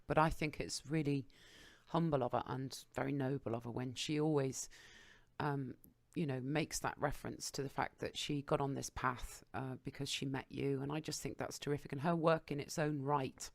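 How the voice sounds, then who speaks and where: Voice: mid-range voice, fairly even intonation, moderate pace, creaky, no room sound. A radio interviewer asking chatty, enthusiastic questions, often restarting sentences. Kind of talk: conversational interview.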